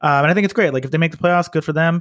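A man's voice: fairly high pitch, racing, a bit bright, dry recording, studio quality. A young man co-hosting a podcast, chatting about basketball in a loose, casual way with the odd swear word. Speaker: podcast co-host. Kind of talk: casual sports chat.

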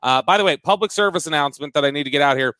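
A man's voice: fairly high pitch, rapid-fire, sharp tone, no room sound. A man hosting a casual sports talk show, conversational and steering the segment, with frequent stammered restarts. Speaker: host.

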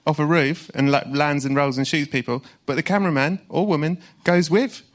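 A man's voice: fairly high pitch, brisk. A man hosting a podcast live on a cinema stage, teasing his guest and putting his questions with mock ceremony. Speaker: podcast host.

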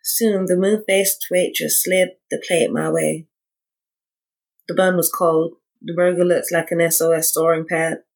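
Gravelly-voiced woman reading a memoir. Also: fairly low pitch, fairly even intonation, poor audio. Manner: measured, deliberate reading with quoted dialogue. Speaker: narrator reading her own story. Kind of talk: first-person memoir reading.

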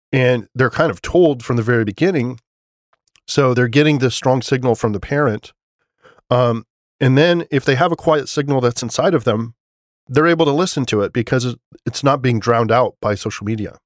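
Solo podcast host, male, mid-pitched, loose and chatty, dry close mic. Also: no echo. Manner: casual, rambling, many fillers and restarts; enthusiastic about his setup.

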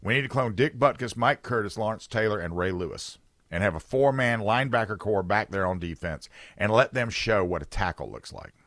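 A man's voice: on the low side, lively intonation, fairly quick, fairly bright tone, no echo. A man hosting a talk radio show, rambling and sarcastic in an opinionated chat from a studio.

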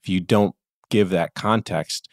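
A man's voice: low-pitched, measured pace, no room sound, studio quality. A man with a Southern US accent co-hosting a podcast, explaining earnestly and chuckling now and then. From American South. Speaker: podcast co-host. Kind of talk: casual discussion podcast.

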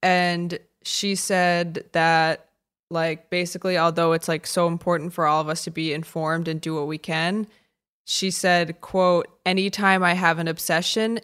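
A woman co-hosting a podcast in casual chat, joking and self-deprecating with quick asides. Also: lowish voice, fairly bright tone. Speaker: podcast co-host. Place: remote call.

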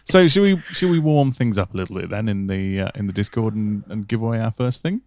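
A man's voice: on the low side, animated, brisk, a little mellow. A man hosting a casual podcast chat, joking and laughing often. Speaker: podcast host.

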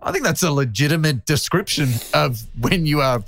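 An Australian man chatting on a podcast as a comedian guest, telling stories with lively acted-out quotes and quick laughs. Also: on the high side. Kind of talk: casual podcast chat.

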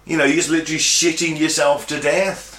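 A man's voice: a little high, flat delivery, fairly quick, a bit bright. A man co-hosting a casual podcast, explaining history at length and swearing freely. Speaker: podcast co-host. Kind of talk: casual chat. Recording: roomy echo.

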